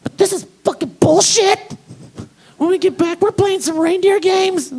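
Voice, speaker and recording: Man putting on a high squeaky reindeer voice, sulky, swearing, grudging. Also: normal speed, gravelly, a little mellow. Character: grumbling male reindeer guiding a sleigh.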